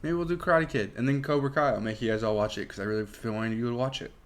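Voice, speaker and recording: A podcast co-host with an ordinary medium-pitched voice talks very fast in an easygoing movie review chat. He animatedly retells scenes, laughs easily, and speaks candidly and a little crudely.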